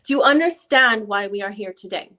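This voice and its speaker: A woman's voice: medium pitch, expressive, fairly quick, pushed and bright. A woman reading the part of a defense lawyer with a put-on Jamaican accent, questioning a witness in a formal, methodical way during an amateur dramatic reading.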